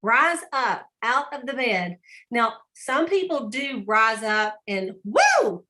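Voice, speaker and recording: Bright, upbeat woman. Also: fairly high pitch, animated, slow. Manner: upbeat, chatty, encouraging. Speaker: sales director leading a team meeting. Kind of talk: online team training talk.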